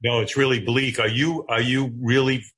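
Man, talk show host, husky tone, prying and playful, home office, video call. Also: medium pitch, little pitch movement, a bit bright. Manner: quick prying questions, playful teasing. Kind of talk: casual interview chat.

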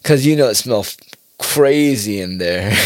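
A man's voice: fairly low pitch, expressive, measured pace, dry recording, clean studio sound. A man ranting casually in a rambling, profane monologue, often laughing at his own points.

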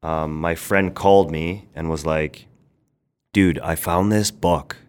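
Young man, deep voice, rambling podcast guest, talks in bursts. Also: clean tone. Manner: rambling, quick bursts, quotes people in animated voices. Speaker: podcast guest, brand founder. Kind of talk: casual interview storytelling.

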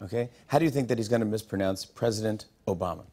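A man's voice: lowish voice, fast talker. A man hosting a late-night comedy show, delivering a monologue and running a game with audience members, joking and laughing as he goes. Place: TV studio with live audience. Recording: loud studio audience laughter and noise. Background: crowd laughing and cheering.

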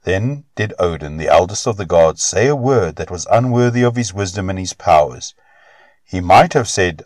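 Low-voiced, expressive male storyteller. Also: no room sound. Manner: expressive, measured reading. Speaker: narrator. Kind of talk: storybook narration.

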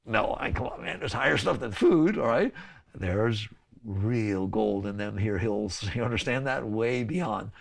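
A man's voice: fairly low pitch, expressive, unhurried, creaky. A man teaching a spiritual talk to an audience, conversational, often checking in with "right?" and "okay?" and laughing between points.

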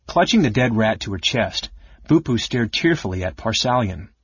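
A man narrating a fantasy audiobook with a steady, expressive reading. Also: lowish voice, normal speed, breathy edge, no room sound, muffled recording. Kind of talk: scripted narration.

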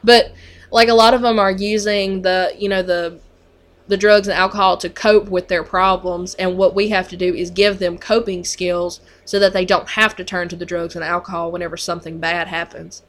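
A woman's voice: lowish voice, flat delivery, normal speed. Chatty woman telling a work story. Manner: chatty, full of "like" and "you know" fillers. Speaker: mental health unit worker. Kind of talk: casual conversational storytelling.

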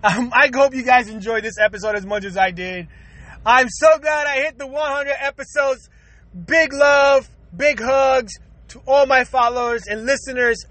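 A man's voice: very high-pitched, normal speed, bright, forceful tone, no room sound. A man hosting his own podcast, ranting in a profane, rambling way and laughing often. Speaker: podcast host. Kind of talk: casual podcast rant.

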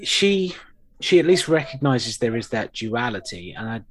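A man's voice: medium pitch, big pitch swings, normal speed, a bit bright. Wry rambling man on a podcast. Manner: rambling, wry, with many fillers and restarts. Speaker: podcast co-host. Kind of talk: casual chat reviewing an episode.

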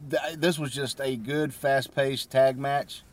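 A man co-hosting a wrestling podcast, chatting casually with short agreeing replies and halting restarts. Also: medium pitch, steady tone. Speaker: podcast co-host. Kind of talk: casual chat.

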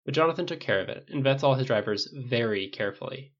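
A man's voice: medium pitch, lively intonation, fast, highs cut off, close to an everyday voice. A man voicing a cocky joking superhero. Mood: bantering. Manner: teasing, cocky banter. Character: quippy playful billionaire superhero, middle-aged man.

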